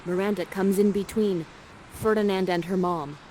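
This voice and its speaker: A woman's voice: medium pitch, fairly even intonation, normal speed, background noise. A woman playfully narrating and directing players through a live play, coaxing and jokey, on a headset mic. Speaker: immersive theater performer guiding players.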